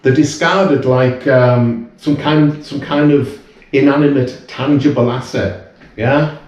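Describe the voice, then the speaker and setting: A man's voice: medium pitch, fairly even intonation, slow pace, darkish tone, dull audio. A British man in his fifties, a guest in casual chat, talking earnestly and rambling with many restarts. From United Kingdom. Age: 50s. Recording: very echoey room, away from mic.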